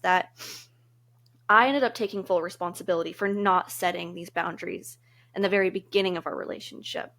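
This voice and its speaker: A woman's voice: medium pitch, gravelly, fairly bright tone. A woman co-hosting a podcast, talking through relationship advice in a casual, earnest, reflective way and laughing easily. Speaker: podcast co-host.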